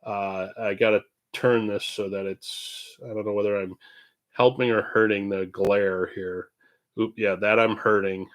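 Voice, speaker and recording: A man's voice: on the low side, level tone, measured pace. A man, a parish priest, hosting a casual livestream Q&A from a room at home, talking in a chatty, meandering way. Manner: chatty and meandering, drifting between topics. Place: indoors at home, own room. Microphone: computer streaming setup.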